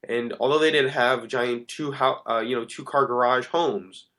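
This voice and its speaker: A man's voice: medium pitch, fairly even intonation, normal speed, a bit bright. A man hosting a talk show, giving an earnest, rambling monologue that often corrects itself mid-sentence. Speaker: radio show host.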